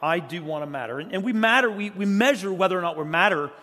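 A middle-aged man from South Carolina preaching from a church stage, with a voice that sits high for a man. He talks in a loose, joking way, and his words ring out with a long hall reverb behind them. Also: animated, fast. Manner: joking, conversational, swings from loud storytelling to quiet earnest. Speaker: guest preacher. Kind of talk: humorous storytelling sermon. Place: church sanctuary.

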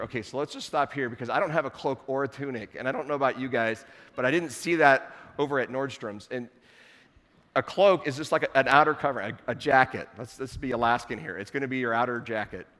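A man's voice: mid-range voice, quick pace, a bit bright. Man preaching in a reverberant church. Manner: conversational, playful asides to the congregation. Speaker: pastor. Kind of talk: sermon. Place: church sanctuary.

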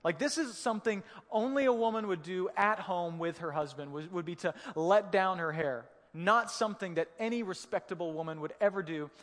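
A man, a pastor, preaching a sermon in a relaxed storytelling way, with humor and vivid retellings. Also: high-pitched, brisk, few pauses, in a large hall.

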